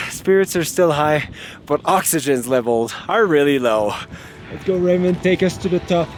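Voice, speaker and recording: A man vlogging outdoors high on a mountain, out of breath and cheering his group on. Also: expressive, normal speed. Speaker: travel vlogger. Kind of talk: casual on-camera vlog commentary. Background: music.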